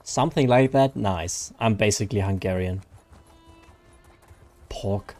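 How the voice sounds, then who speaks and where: A man's voice: lowish voice, unhurried, darkish tone, soft background music. A man, chatting casually and rambling to viewers while he streams a game. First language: German. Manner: rambling, chatty, reads viewer names aloud.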